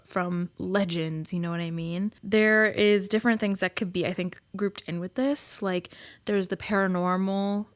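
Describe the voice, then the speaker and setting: A woman chats through a casual solo podcast, giggling often and leaning on fillers. Her voice sits at a middle pitch. It is recorded close and dry, with no room sound. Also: steady tone, moderate pace, dry recording. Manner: chatty, giggly, full of fillers. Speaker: podcast host.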